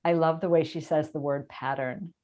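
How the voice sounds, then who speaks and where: A woman's voice: low-pitched, fairly even intonation, moderate pace, warm tone. A woman from the United States hosting a casual interview chat, chatty and self-deprecating, laughing often. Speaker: podcast host.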